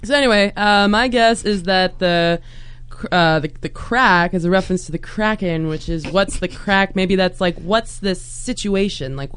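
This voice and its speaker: A woman's voice: mid-range voice, normal speed, a bit bright, smooth. A woman on a casual podcast, rambling playfully and poking fun at herself. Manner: rambling, playful, self-mocking. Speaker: podcast co-host. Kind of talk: casual chat.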